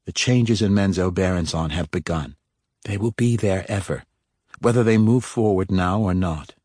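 A man narrating a fantasy story, voicing a calm, composed young female dark elf with a slightly lifted tone. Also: sits low, moderate pace, no echo, studio quality. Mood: poised.

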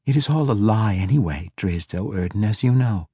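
A man reading a fantasy audiobook, voicing a cruel, mocking female dark elf who taunts her captive. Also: on the low side, animated, moderate pace, slightly rough, no room sound. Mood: coaxing. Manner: taunting, coaxing, menacing.

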